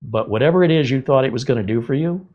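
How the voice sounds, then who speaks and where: Blunt sarcastic man with a husky voice. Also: mid-range voice, quick pace, dull audio. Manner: blunt, sarcastic, lively asides. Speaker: tech show host. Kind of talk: live-stream chat answering viewers.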